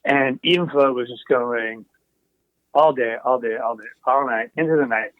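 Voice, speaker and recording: A man's voice: medium pitch, normal speed, dry recording. A man tells stories in an easygoing, roundabout way, drifting into asides and restarting his sentences. His voice comes through a thin, phone-like call line. The sound is close and dry, with no room around it. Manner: meandering, full of asides and trailing restarts. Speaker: guest, recording engineer. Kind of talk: casual anecdotal storytelling.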